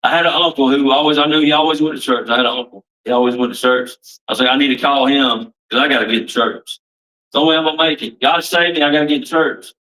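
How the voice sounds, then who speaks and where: A man's voice: mid-range voice, fairly even intonation, fast, pushed and bright, recorded from a distance, poor audio. A man giving a plain-spoken, emphatic personal testimony at a recovery meeting, repeating himself for weight.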